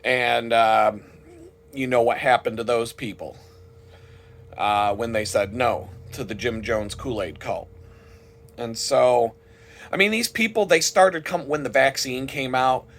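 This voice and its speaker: A man's voice: mid-range voice, unhurried, fairly bright tone. Man on a heated, profane rant. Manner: heated and indignant, frequent swearing. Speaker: vlogger. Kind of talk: profane ranting monologue.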